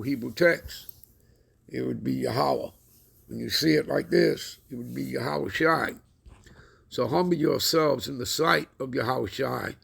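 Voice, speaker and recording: Very gravelly, husky man teaching scripture. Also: medium pitch, a bit bright. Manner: checks in constantly with the listener; deliberate, preacherly emphasis. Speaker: Bible teacher. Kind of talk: scripture lesson.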